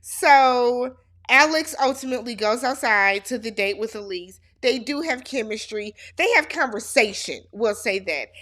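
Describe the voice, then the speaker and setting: A woman's voice: fairly high pitch, lively intonation, measured pace, a bit bright. A woman hosting a casual reality show recap, sassy and speaking straight to the cast as if they could hear her.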